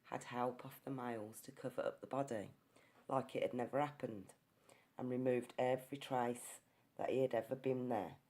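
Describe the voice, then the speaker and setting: In a rumbling low, mellow voice, an English woman who hunts ghosts gives a narrated account of a ghost hunt. She tells it earnestly, like a story, at times restarting what she's saying.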